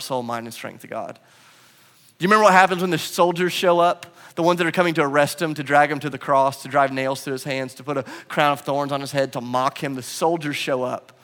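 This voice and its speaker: A male pastor preaching a sermon, moving between loud, emphatic lines and hushed, quiet ones. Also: medium pitch. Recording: long reverb of a large room.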